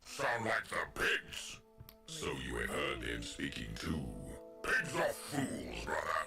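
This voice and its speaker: An actor voicing a boastful, brooding horned male beast who speaks in slow, menacing half-whispers. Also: rumbling low, wildly swooping pitch, gravelly, heavily acted. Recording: roomy, distant, with music under it.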